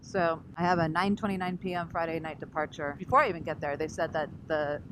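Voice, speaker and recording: A woman with a fairly low voice tells an animated travel story in a casual vlog. She slips into other people's voices as she goes. Clear vehicle noise runs behind her. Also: fast. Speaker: vlogger. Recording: noisy recording with vehicle sounds.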